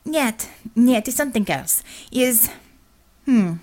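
Woman voicing a Russian woman commissar, Russian accent, drops articles, forceful, high voice. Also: expressive, takes it slowly. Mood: puzzled. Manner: clipped broken English, dropping articles. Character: stern Russian woman commissar, zealous communist.

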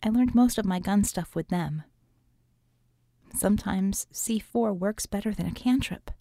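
A woman's voice: medium pitch, measured pace, dark tone, dry recording, clean studio sound, natural voice. A woman reading an audiobook, voicing a frank, tough young woman mage who talks in a chatty, offhand way.

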